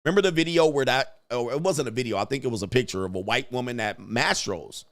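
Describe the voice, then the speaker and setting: A man's voice: mid-range voice, fast. A man hosting a live stream, chatting casually, reading viewer donations aloud and laughing often. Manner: loose and joking, reads donor messages aloud, laughs often.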